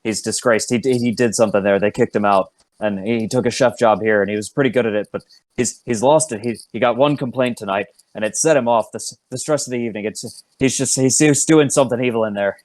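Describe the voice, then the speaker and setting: A man voicing a panicked male tavern worker who stammers and shouts in a frenzy. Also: medium pitch, a little fast, no room sound, close to an everyday voice. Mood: urgent pleading.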